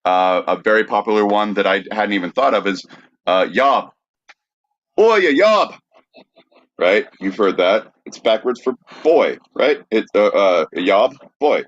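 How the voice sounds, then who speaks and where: A very deep-voiced man hosting a podcast, laying out facts with plenty of "uh"s. The sound is dry and close, and slightly dull. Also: no echo. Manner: measured, filler-heavy explaining. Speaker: podcast host. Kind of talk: casual chat, explaining from notes.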